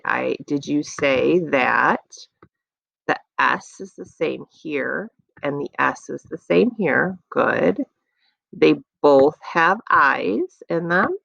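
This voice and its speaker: A woman teaching young children a phonics lesson, patiently encouraging them and sounding out letters slowly, recorded on a dull lo-fi setup. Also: low-pitched, creaky, fairly bright tone, no room sound. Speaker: elementary school teacher.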